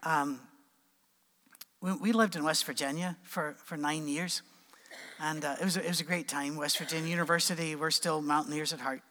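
A man's voice: on the high side, steady tone, moderate pace, sharp tone. A middle-aged man, preaching and telling a funny family story, acting out the voices. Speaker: pastor. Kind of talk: sermon with humorous storytelling. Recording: long hall reverb.

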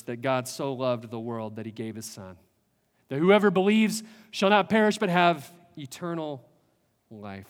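A man preaching a sermon as a pastor, earnest, building with rhetorical questions and pauses. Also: on the high side, long reverb tail.

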